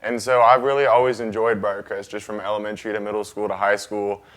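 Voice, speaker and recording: A man's voice: lowish voice, little pitch movement, fast, a bit bright. A teenage boy, a student guest answering interview questions earnestly, with some hesitant fillers. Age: teens. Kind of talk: casual interview.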